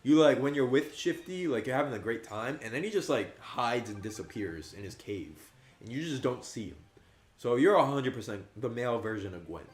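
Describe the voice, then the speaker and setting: A man in his twenties chatting casually on a gaming livestream, telling stories and jumping high and loud when he quotes his friends. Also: expressive, brisk. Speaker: streamer. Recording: roomy echo.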